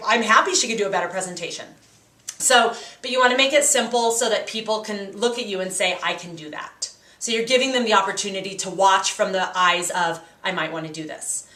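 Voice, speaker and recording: A woman's voice: medium pitch, sharp tone. A woman giving a casual, practical training talk to direct sales consultants, in a chatty coaching tone. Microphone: handheld camcorder. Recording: echoey room on a camcorder.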